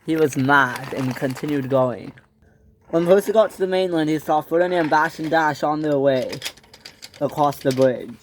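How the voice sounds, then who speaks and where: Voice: mid-range voice, moderate pace, slight background noise. A narrator telling a toy train story in a dramatic storytelling style, switching into character voices. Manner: dramatic, breaks into character voices and sound effects.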